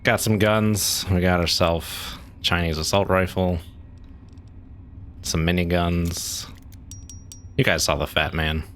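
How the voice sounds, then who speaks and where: A man's voice: low-pitched, fairly even intonation, takes it slowly, pauses often, a bit bright, a little hiss or hum. A man streaming a game, giving casual, rambling commentary as he plays and thinks aloud.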